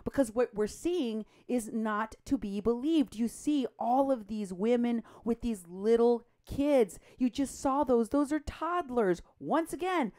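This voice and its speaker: A woman co-hosting a political talk show, animated and indignant, her voice jumping up when she is outraged. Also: a little high, measured pace, hardly any pauses. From Mexico. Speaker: co-host.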